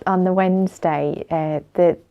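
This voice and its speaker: A woman's voice: fairly low pitch, fairly even intonation, a little slow, muffled recording. A woman chatting casually in a vlog, telling a story with lots of laughs and fillers. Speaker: vlogger.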